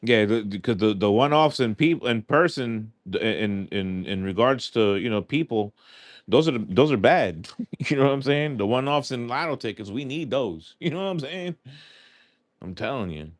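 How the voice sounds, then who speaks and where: A man's voice: medium pitch, animated, normal speed, dry recording, clean studio sound. A man hosting a live stream, chatting casually and earnestly with lots of fillers while scratching lottery tickets. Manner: rambling, heartfelt, filler-heavy.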